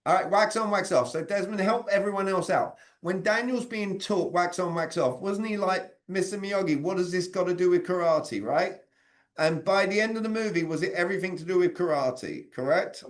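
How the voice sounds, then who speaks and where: A man, leading an interactive sales communication training over a video call and quizzing his audience. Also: high voice. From Britain. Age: 40s. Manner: energetic, quizzes the audience with quick questions.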